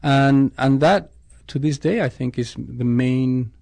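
A male scientist speaks in a gravelly, creaky voice at a middle pitch. He answers interview questions in a reflective way and often stops to restart his sentences. The sound is close and dry. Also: takes it slowly, darkish tone, no room sound. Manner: thoughtful, with frequent restarts and self-corrections.

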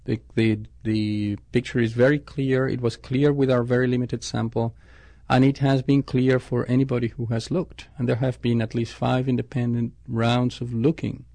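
Creaky-voiced male scientist, thoughtful. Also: mid-range voice, flat delivery, normal speed, warm tone, dry recording. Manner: thoughtful, with frequent restarts and self-corrections. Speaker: scientist interviewed about his research. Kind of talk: reflective interview answers.

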